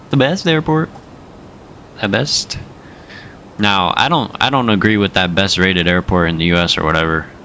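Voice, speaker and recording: A man's voice: low-pitched, sharp tone, a little hiss or hum. A young man streaming a flight sim, chatting casually in slang and joking with viewers. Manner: slangy, joking, drops into put-on accents. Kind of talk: casual livestream chat.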